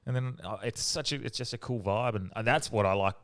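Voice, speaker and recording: A man's voice: on the low side, a little fast, a bit bright. A man co-hosting a podcast, easygoing and swearing freely. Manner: easygoing, swearing, laughs often. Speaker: podcast co-host. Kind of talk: casual chat.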